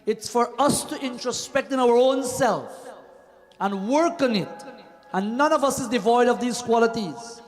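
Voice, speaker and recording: A man giving a devotional sermon as a pandit, preaching and often dropping to a low murmur on repeated refrains. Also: measured pace. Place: temple hall. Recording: long hall reverb with faint music.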